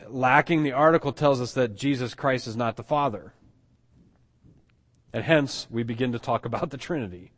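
A male pastor delivers a teaching sermon in a mid-pitched voice. He explains a passage with emphatic stresses, often restarting his phrases as he works through each point.

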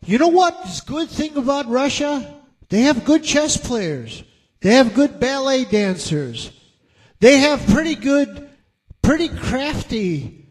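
A man's voice: extremely high pitch, husky. A man ranting profanely as he comments on music, mocking, and stretching out repeated questions. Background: faint guitar playing.

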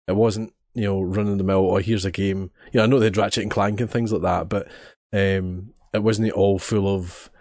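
A man's voice: lowish voice, fairly even intonation, fairly quick, darkish tone, no room sound, clean studio sound. A man co-hosting a podcast, chatting casually with enthusiasm and repeating words as he thinks. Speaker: podcast co-host. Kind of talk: casual chat.

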